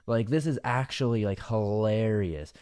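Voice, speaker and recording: Narrating an online clip for his commentary video, this host reacts with swearing disbelief and laughs a lot. His voice is lowish, mellow and clean at a normal speed, recorded dry in studio quality.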